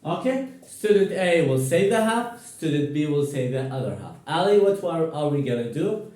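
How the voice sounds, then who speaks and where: A man teaching a grammar lesson to a class, slow and encouraging, repeating words for students to echo. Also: fairly high pitch, very animated, a little mellow. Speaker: English teacher. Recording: echoey room, voice far from mic.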